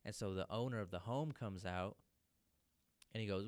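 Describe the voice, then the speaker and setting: Low, smooth-voiced man telling a story. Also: normal speed, darkish tone, no echo. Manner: loose and profane, full of "dude" and "man". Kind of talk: casual anecdote telling.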